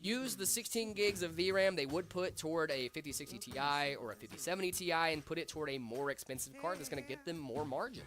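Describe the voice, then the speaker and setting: A man's voice: a little high, quick pace, few pauses, fairly bright tone, soft background music. A young man hosting a casual tech livestream, chatty and rambling, his voice a little off after being sick. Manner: chatty, rambling with fillers and asides to chat. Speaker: stream host.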